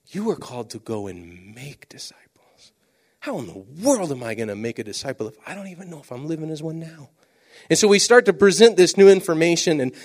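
A man giving a sermon-style talk, telling stories animatedly and dropping to a near whisper for emphasis. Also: on the high side. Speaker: missionary speaker.

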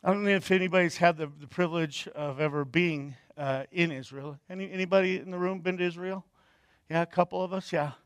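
A man preaching a sermon in a conversational way, asking the room questions and getting animated as he retells the story. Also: high voice, brisk, clear, resonant tone, no room sound, clean studio sound. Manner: hushed and soft when praying. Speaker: pastor.

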